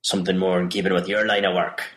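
A man voicing a calm, gentle police officer who talks in an easy, businesslike way. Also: sits low, fast, reverberant.

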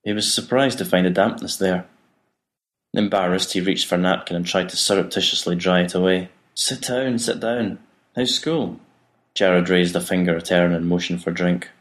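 A man narrating an audiobook in an even, measured reading. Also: deep voice.

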